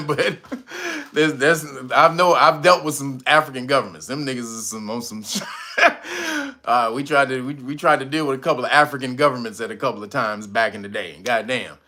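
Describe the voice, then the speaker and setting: A man hosting casual political commentary, profane and animated, laughing often. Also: medium pitch. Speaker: commentary channel host.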